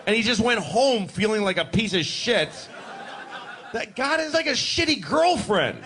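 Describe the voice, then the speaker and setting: A male comedian works a club stage, his voice bright and full of swings in pitch. He slips into characters and lets out sudden shouted bursts. Audience murmur and laughter sit behind him in the live recording. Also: animated, moderate pace, some chatter behind. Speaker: stand-up comedian. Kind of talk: stand-up routine.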